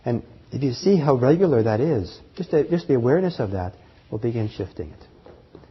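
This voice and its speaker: A man teaching meditation to a live group, talking in a halting way with fillers, restarts and soft chuckles. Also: medium pitch, lively intonation, slightly rough. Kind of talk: dharma talk to a group. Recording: dull lo-fi talk recording.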